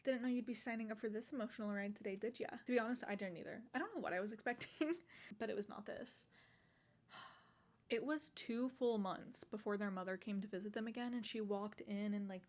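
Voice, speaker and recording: A woman's voice: mid-range voice, darkish tone. A woman recapping a novel in a chatty, exclamatory way, full of "like" fillers. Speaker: book vlogger. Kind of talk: casual book recap vlog.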